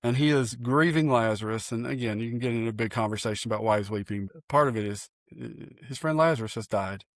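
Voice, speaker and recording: A man's voice: mid-range voice, fast, hardly any pauses, dry recording. Earnest folksy man, dry close sound. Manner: folksy and earnest, animated with many restarts. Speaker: pastor and podcast co-host. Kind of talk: casual chat.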